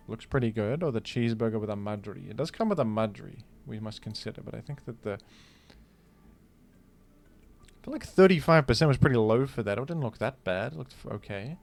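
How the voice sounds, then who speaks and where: A man's voice: medium pitch, lively intonation, normal speed. A man hosting a gaming video, giving casual, rambling commentary with a joking, incredulous manner. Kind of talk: casual commentary while playing.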